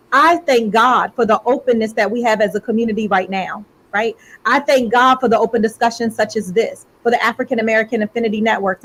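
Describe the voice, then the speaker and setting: A woman's voice: on the high side, poor audio. A woman panelist speaking in an earnest, encouraging and rhetorical way in a panel discussion.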